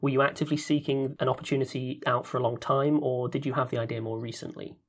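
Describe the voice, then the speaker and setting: Give me a man of middling pitch calmly reading out interview questions. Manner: measured and steady, reading questions. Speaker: podcast director and interviewer.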